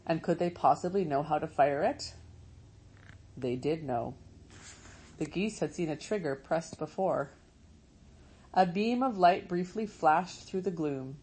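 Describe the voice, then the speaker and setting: A woman reading a storybook aloud as narrator, in a measured, steady way. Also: deep voice, a little hiss or hum, low-quality recording. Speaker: audiobook narrator.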